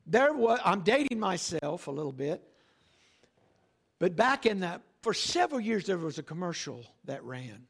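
An older man preaching a sermon, emphatic, slowing down on key phrases and often checking in with "all right?". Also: high-pitched, big pitch swings, fairly bright tone, slightly rough. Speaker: pastor.

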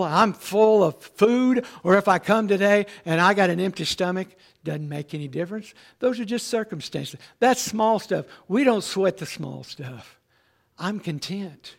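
A man preaching a sermon, emphatic and repetitive, slowing down to stress key words. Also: sits high, vocal fry. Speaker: pastor.

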